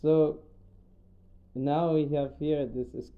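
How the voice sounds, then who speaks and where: A man giving a scripture class, retelling the story in an animated, casual way and acting out the characters. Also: fairly high pitch, takes it slowly. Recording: tinny phone-like sound.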